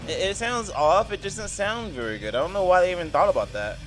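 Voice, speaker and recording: A man's voice: high-pitched, animated, fast, hardly any pauses, fairly bright tone, faint music behind. A man giving a casual video game review voice-over, rambling and blunt, padding his talk with "I mean" and "like". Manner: blunt and opinionated.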